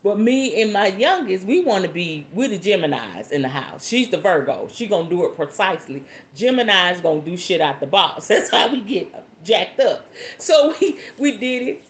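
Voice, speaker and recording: A Southern American woman with a fairly low, sing-song voice hosts a casual live spiritual talk, answering viewer questions at a moderate pace with few pauses. She's chatty and folksy, calling listeners "y'all" and "baby" and breaking into bursts of laughter.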